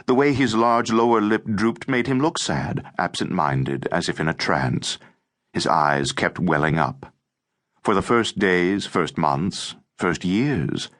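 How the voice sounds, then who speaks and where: A male audiobook narrator with a very low voice that rises and falls a lot. He reads in a measured, expressive way, leaning into the images of the story. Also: no room sound, studio quality. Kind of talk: scripted narration.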